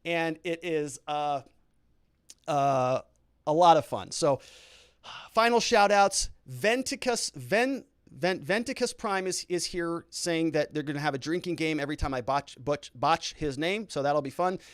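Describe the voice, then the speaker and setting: A man hosting a live stream talks casually to his viewers, rambling and circling back as he thanks them by name. His voice is smooth and resonant, pitched a little high for a man. The sound is close and dry, with no room around it. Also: unhurried, no room sound. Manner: rambling, talks to chat viewers, fillers and restarts. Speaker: livestream host. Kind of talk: casual livestream chat.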